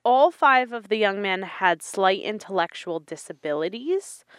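A woman's voice: medium pitch, lively intonation, a little slow, a bit bright, smooth, no room sound, studio quality. A young woman co-hosting a podcast, telling a true-crime case in casual chat, laughing often and swearing freely. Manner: giggly, chatty, swears casually. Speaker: podcast co-host.

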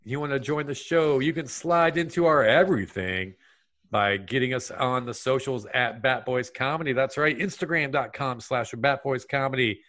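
A man's voice: mid-range voice, normal speed, a bit bright. A man hosting a comedy podcast, wrapping up the episode with breezy plugs. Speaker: podcast host. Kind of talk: casual podcast outro.

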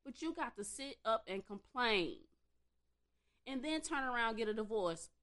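A woman's voice: fairly high pitch, lively intonation, moderate pace, fairly bright tone. A woman ranting bluntly and profanely in a casual commentary, exasperated and swearing freely.

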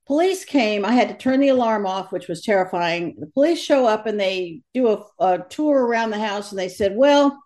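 A woman telling stories as a guest in an interview, animated and quoting others as she goes. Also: mid-range voice, normal speed, hardly any pauses. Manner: animated storyteller, quotes others in lively voices. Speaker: guest, medium who crosses over the dead. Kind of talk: storytelling in a conversational interview.

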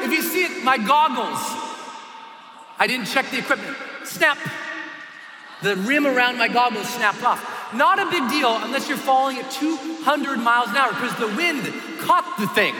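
Expressive male speaker on stage, high and very lively, telling stories with drama; roomy live hall sound. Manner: expressive, dramatic, acts out scenes with screams. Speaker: motivational speaker. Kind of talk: animated storytelling talk. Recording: echoey hall with ambient noise.

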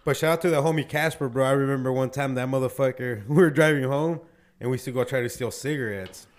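A man's voice: mid-range voice, quick pace. A young man telling rowdy stories in a casual chat, full of slang and swearing. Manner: profane, slangy, says bro a lot.

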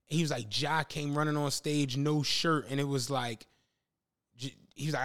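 A man's voice: on the high side, fairly even intonation, normal speed, fairly bright tone, smooth. A man hosting a podcast, telling a story in casual chat and acting out the quotes, with lots of profane slang. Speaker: podcast host.

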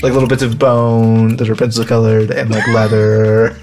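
A man's voice: on the low side, monotone, moderate pace, background noise. A man running a casual tabletop role-play game, rambling and laughing as he describes characters. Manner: rambling, many fillers, laughing. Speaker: game runner reading the rules.

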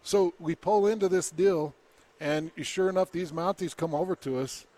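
A man's voice: a little high, moderate pace. A man from Utah hosting a casual chat, telling a story with lots of laughter and acted-out bits. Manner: animated, laughs often, acts out the people in his story. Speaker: podcast host telling a story.

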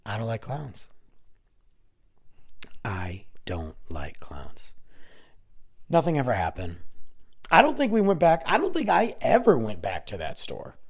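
A man in his forties, a podcast host, telling a personal story in an animated way and acting out the voices. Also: on the high side, fairly quick, vocal fry, slightly rough. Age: 40s. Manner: animated, acts out every voice.

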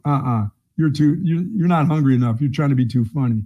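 A man's voice: a little high, brisk, hardly any pauses, dark tone. A middle-aged man, a sports talk co-host telling a blunt, rambling story in casual banter. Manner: blunt, rambling storyteller who laughs at his own jokes. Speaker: radio sports show co-host.

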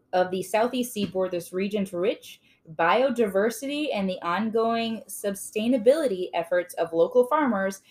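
A woman's voice: medium pitch, a little mellow. A woman hosting a casual podcast, reading aloud with playful, jokey asides. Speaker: podcast host.

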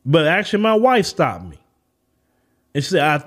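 A man's voice: on the high side, huge pitch swings, moderate pace. A man with a Southern US accent hosting an opinion podcast, talking in a preachy, emphatic, lecturing way. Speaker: podcast host.

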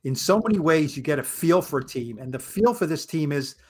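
A man hosting a sports talk show with a slightly high voice. He talks casually, teases the people around him and keeps asking them questions. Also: lively intonation, a little fast, husky. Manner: teasing, asks lots of questions.

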